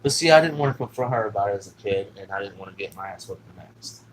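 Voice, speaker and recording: A man's voice: lowish voice, animated, fast, slight background noise, low-quality recording. A man telling a personal story in a casual, rambling way, swearing often and filling gaps with "you know what I'm saying.". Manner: rambling, profane, with many fillers.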